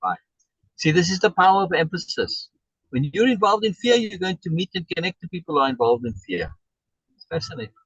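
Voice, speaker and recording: A man's voice: fairly high pitch, very animated, brisk, a bit bright, breathy edge, no room sound, lo-fi sound. A man coaching someone over a video call, emphatic and repeating key words for stress. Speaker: life coach.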